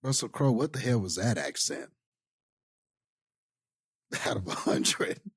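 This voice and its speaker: A man's voice: on the low side, very animated, slow, slightly rough, no echo, clean studio sound. A man co-hosting a podcast, mocking a movie with sarcastic quips. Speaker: podcast co-host. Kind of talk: casual movie review chat.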